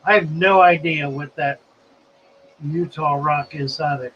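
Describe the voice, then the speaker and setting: A man hosts a relaxed live stream, reading out viewer comments and musing between them. He speaks slowly in a somewhat high voice. The audio is slightly dull, with a faint hiss behind it. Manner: unhurried and chatty, musing aloud.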